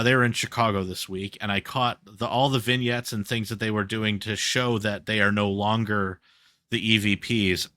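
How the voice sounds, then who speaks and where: A man co-hosts a talk podcast, recapping events in an animated, storytelling way. His voice is bright and forward, with a middle pitch. The sound is dry and close, with no room around it. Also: no echo. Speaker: podcast co-host. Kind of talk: casual chat.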